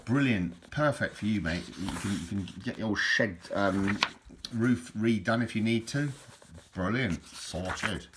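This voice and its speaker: Low rambling man, noisy recording. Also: unhurried. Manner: rambling, chatty, lots of restarts. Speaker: book reviewer. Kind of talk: casual chat.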